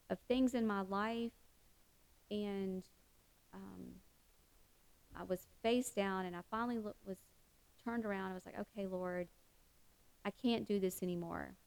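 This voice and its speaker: A woman's voice: mid-range voice, vocal fry, no room sound, low-quality recording. A middle-aged woman giving a heartfelt devotional talk, earnest, with many fillers and restarts. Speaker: Christian speaker.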